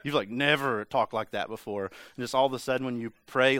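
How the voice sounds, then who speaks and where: A man's voice: medium pitch, steady tone, a little fast, hardly any pauses, fairly bright tone. A man preaching a casual, conversational sermon, full of "like" and playful mimicry of voices. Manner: conversational, lots of filler "like", mimics voices for humor. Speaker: pastor.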